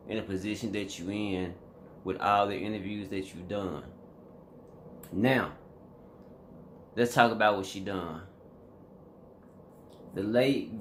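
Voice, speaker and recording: A man with a fairly low voice gives a casual reaction commentary straight to his viewers. He talks in an emphatic, slangy way, with a faint hiss of noise under his voice. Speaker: vlogger.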